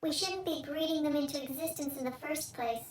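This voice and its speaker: A woman using a pitched-up voice changer to make farm animals seem to talk, lecturing earnestly. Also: a little fast. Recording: echoey, distant, faint noise.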